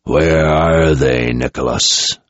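A man voicing a threatening male emperor who speaks through a possessed young soldier, in a deep, gravelly voice. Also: no echo. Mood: menacing. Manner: slow, threatening, enraged at times. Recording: dull lo-fi recording.

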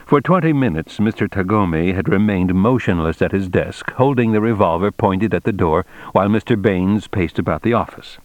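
A man reading a novel aloud as narrator in a measured, steady way. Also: low-pitched, no echo. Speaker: audiobook narrator. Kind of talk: scripted narration.

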